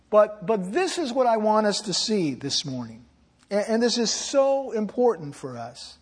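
A man preaching in an earnest, pleading way, drawing out his key phrases. His voice sits high for a man. The sound rings with the long reverb of a church sanctuary. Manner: earnest, pleading, slows for emphasis. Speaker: pastor. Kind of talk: sermon.

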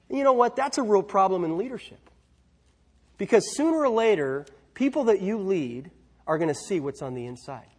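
A man's voice: high voice, a little mellow, slightly rough. A man preaching a sermon in a church, conversational, with asides and rhetorical questions. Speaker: pastor.

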